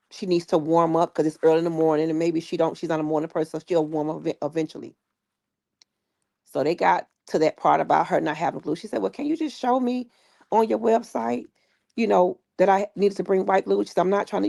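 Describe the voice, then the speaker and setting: A woman tells a story in a casual, chatty way, jumping into the voices of the people she quotes. Her voice sits on the low side and has a gravelly edge. The sound is dry and close. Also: no room sound. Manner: animated retelling with quoted voices. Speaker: guest recounting stories.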